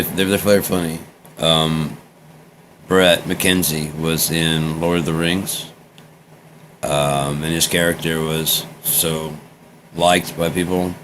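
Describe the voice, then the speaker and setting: Very deep-voiced man rambling casually. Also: noisy background. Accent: American. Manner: meandering, drifting between topics, trailing off. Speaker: vlogger recording a personal journal.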